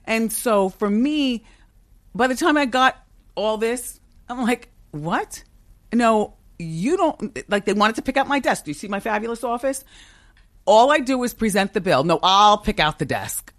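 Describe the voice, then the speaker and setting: A woman's voice: fairly high pitch, animated, normal speed, dry recording. A middle-aged woman talking as a guest in a podcast interview, with a strong, confident voice and frequent laughter. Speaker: talk show host as guest. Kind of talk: casual interview chat. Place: podcast studio.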